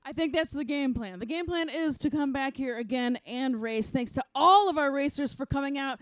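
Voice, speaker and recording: A woman's voice: sits high, normal speed, no echo. A woman announcing a race podium, bubbly and joking, laughing often as she interviews the riders.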